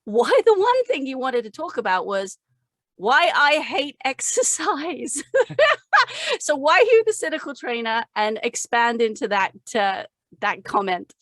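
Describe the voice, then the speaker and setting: An English woman co-hosting a fitness podcast, upbeat and quick to laugh. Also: a little high, dry recording. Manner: upbeat, laughs often, lively talk. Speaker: podcast co-host.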